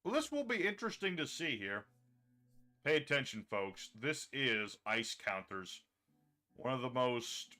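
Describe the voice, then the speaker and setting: A chatty man streams a card game live, talking through each play in a bright, forceful voice. He reads his chat and answers it as he goes. Faint music plays underneath. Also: medium pitch. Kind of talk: casual livestream commentary.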